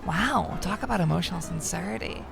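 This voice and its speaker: A woman's voice: on the low side, expressive, a little fast, gravelly, music in the background. A young woman streaming a game, reading its text aloud and joking about it in a sardonic way, sometimes slipping into mock announcer voices.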